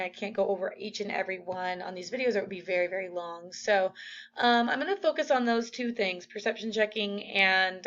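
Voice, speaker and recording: A woman's voice: medium pitch, a bit bright, a little hiss or hum. A woman teacher giving a casual recorded lecture, with lots of fillers. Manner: casual, chatty, many fillers. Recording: dull lo-fi audio.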